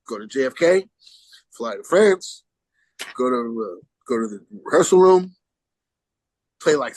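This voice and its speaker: A guest musician on a podcast tells a rambling, casual anecdote, restarting often and animatedly acting out the voices of people he quotes. His medium-pitched voice is husky, and the low-quality recording has no room sound.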